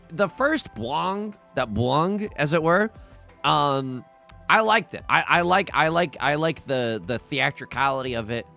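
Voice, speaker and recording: A man's voice: fairly high pitch, gravelly, bright, forceful tone. A man streaming a tile game, joking and pleading dramatically as he plays. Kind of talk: casual livestream commentary.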